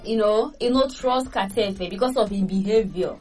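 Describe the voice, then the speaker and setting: A woman with a Nigerian Pidgin accent hosting a casual entertainment gossip show, lively and chatty, laughing between points. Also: mid-range voice, normal speed. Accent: Nigerian Pidgin English. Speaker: entertainment news host. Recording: distant mic with faint music.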